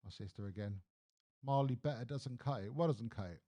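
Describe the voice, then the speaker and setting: A man's voice: mid-range voice, brisk. A man hosting a live stream, ranting bluntly about the news with lots of swearing. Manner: blunt, animated, swears freely. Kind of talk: casual opinion rant on a live stream.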